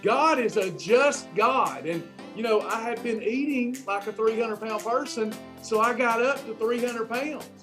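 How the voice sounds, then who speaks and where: A man's voice: extremely high pitch, measured pace, hardly any pauses, a bit bright, soft background music. A man hosting a Christian weight loss livestream, fired up and preachy, repeating his phrases. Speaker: host of a weight loss program. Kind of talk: Christian motivational livestream talk.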